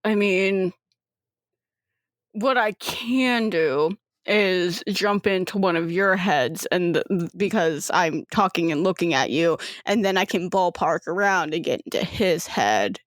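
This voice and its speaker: A woman voicing a gruff, tired middle-aged father, speaking lower and slower than her own voice. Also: no echo, clean studio sound. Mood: musing.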